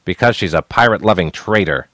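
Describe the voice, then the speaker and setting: A man's voice: low voice, fast, dry recording. A man doing a cold menacing ship officer. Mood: accusing. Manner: cold, steady, accusing.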